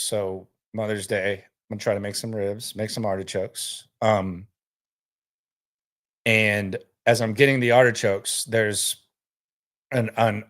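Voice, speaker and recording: A man with a lowish, fairly bright voice hosts a casual sports stream like a podcast, drifting along in a laid-back manner and repeating words whenever he restarts.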